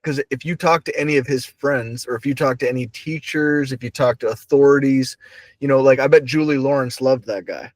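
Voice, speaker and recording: A man's voice: mid-range voice, fairly even intonation, brisk, no echo. A young man hosting a casual podcast, rambling with lots of fillers and laughing often. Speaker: podcast host. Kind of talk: casual chat.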